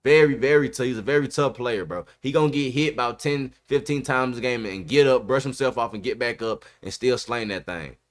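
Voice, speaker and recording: A man hosting a podcast makes his case about football in an animated, emphatic way, with casual slang. His voice sits in a middle pitch. He leans hard on his points. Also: a little fast, few pauses. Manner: emphatic, animated, repeats "bro" often. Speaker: podcast host. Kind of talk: casual sports debate. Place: podcast studio.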